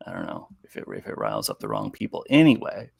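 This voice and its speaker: A man's voice: rumbling low, wildly swooping pitch, fast, vocal fry, husky, dry recording, clean studio sound. A man co-hosting a casual sports chat, hesitant and full of restarts. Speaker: co-host.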